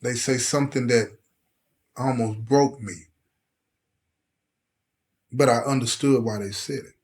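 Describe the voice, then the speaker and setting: A middle-aged man hosting the piece narrates his life with emotional intensity, voicing the people in his story. His mid-range voice is a little mellow, with fairly even intonation and a slightly slow pace.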